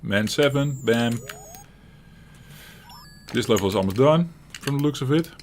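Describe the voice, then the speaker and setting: A man with a Dutch accent from the Netherlands, host of a retro gaming channel, talks through his gameplay in a chatty, rambling way. His medium-pitched voice is animated but a little slow, and he chuckles often and frequently restarts. Slight background noise sits under the recording.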